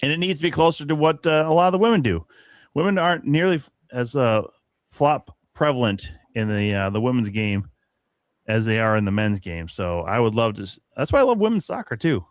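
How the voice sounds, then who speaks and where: A man's voice: mid-range voice, lively intonation, brisk, no echo. Man, podcast co-host, rants and swears freely, laughs a lot, dry mic. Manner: profane, ranting, laughs often. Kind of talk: casual sports chat.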